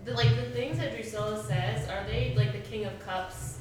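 A woman with a mid-pitched voice, casually asking curious questions. Her voice echoes in the room, with other voices heard around her. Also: normal speed, a crowd in the background. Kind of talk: casual chat.

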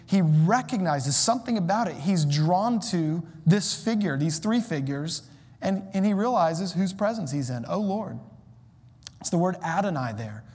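A middle-aged man preaches to his congregation in a relaxed, conversational way. He pokes fun at himself and throws in animated asides. His voice rings out with a long reverb from a large church hall. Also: on the high side, breathy edge. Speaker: pastor. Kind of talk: sermon. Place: church sanctuary.

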